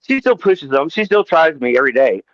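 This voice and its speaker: A man's voice: a little high, very animated, fairly quick, no echo, highs cut off. A man speaking candidly and a bit ramblingly in a casual podcast chat.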